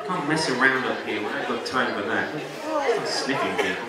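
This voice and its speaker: A man working as a stage hypnotist at a live comedy show, playful with volunteers and dropping to a slow soothing murmur for trance suggestions. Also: mid-range voice, a loud crowd, heavy background noise. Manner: energetic and teasing with volunteers. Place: college auditorium stage. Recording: echoey hall from far off, audience laughter. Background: laughing audience.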